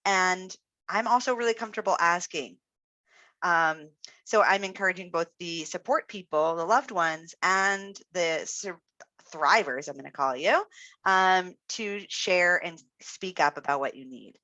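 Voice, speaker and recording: A woman's voice: fairly low pitch, a little slow, sharp tone, no echo. A woman speech-language pathologist giving an encouraging, reflective webinar talk, with frequent fillers. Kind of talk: webinar presentation.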